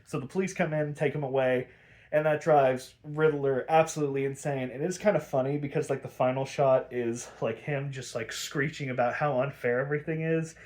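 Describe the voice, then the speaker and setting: A man's voice: mid-range voice, steady tone, fairly quick, darkish tone. A man hosting a casual solo episode review, ranting in exasperation and swearing freely, with plenty of fillers and restarts. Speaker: podcast host reviewing episodes.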